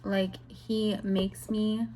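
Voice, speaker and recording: A young woman chatting casually in a book review vlog, retelling scenes with animated, exasperated commentary. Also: medium pitch, very slow, a little hiss or hum. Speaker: book vlogger.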